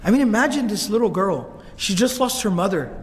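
A man giving a storytelling sermon as a religious lecturer, animated and often repeating words. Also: high-pitched, a little fast. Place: mosque hall, indoors. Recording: reverberant hall, faint ambience.

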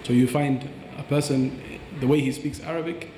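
A man's voice: mid-range voice, steady tone, moderate pace, warm tone, roomy sound, long reverb tail, a little hiss or hum. A man teaching about Quran recitation on a podcast, earnest and explanatory, demonstrating pronunciations aloud.

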